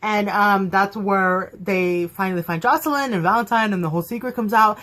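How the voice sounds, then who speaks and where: A young woman chatting to camera about a TV episode she loves. She gushes with eager, animated delivery, filling pauses with ums and likes and breaking into laughs. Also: mid-range voice. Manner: gushing, animated, lots of fillers and laughter. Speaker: TV episode reviewer. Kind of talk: casual excited fan review.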